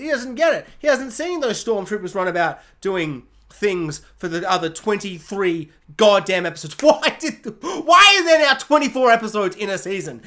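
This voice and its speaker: A man's voice: high-pitched, big pitch swings, fairly quick, few pauses, sharp tone. A man giving a comedic, sarcastic spoiler review of a TV series, rambling and breaking into silly mock voices.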